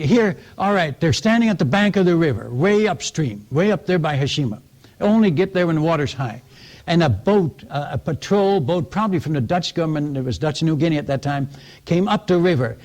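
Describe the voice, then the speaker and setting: An animated man preaching as a missionary and telling a story. His voice sits a little high for a man. He often stumbles, restarts and repeats words as he talks. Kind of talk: sermon storytelling.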